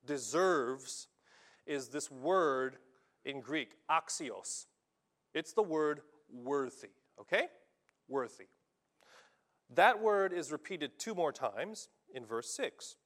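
Male pastor, emphatic preacher, slightly high voice, keeps asking the congregation "okay?". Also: slow pace. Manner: animated, emphatic, checks in with listeners. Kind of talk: sermon. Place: church in Japan.

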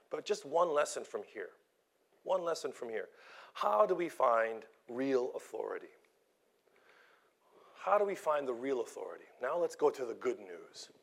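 A man preaching a sermon with strong emphasis, sometimes dropping to a soft whisper. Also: mid-range voice, vocal fry. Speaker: pastor.

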